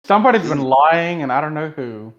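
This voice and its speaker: Podcast cohost cracking jokes, mid pitch, kinda muffled lo-fi mic. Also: expressive, brisk. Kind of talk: casual podcast chat.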